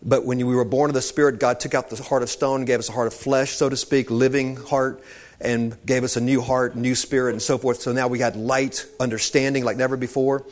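A man's voice: mid-range voice, level tone, fairly quick. A man preaching an informal sermon, talking conversationally and wandering into asides, calling his listeners saints.

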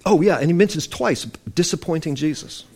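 A man preaching, emphatic and animated, quoting scripture as he teaches. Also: on the high side, a little fast, husky. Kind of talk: sermon-style teaching.

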